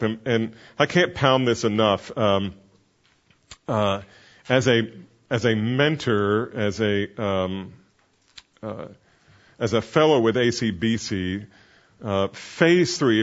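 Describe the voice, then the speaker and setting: A man's voice: lowish voice, animated, slow pace, muffled recording. A man who is a pastor and counseling mentor, teaching a class in an earnest, conversational way with many fillers.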